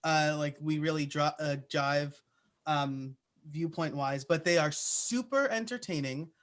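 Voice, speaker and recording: A man's voice: on the high side, unhurried, a bit bright. A man answering interview questions in a casual, chatty way, with plenty of "uh" and "like" fillers. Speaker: podcaster guest.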